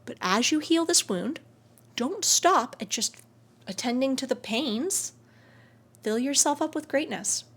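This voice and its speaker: A woman hosting a spiritual self-help video, talking to camera in an air-conditioned room, emotive and swinging between soft and excited. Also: high voice, unhurried, husky.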